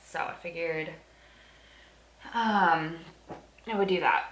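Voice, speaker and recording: A woman's voice: fairly low pitch, slow, fairly bright tone. A woman vlogging in casual chat at home, chatty and candid, with loose fillers, filmed on a handheld phone. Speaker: daily vlogger. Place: at home, sorting a dresser. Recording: echoey room with faint noise.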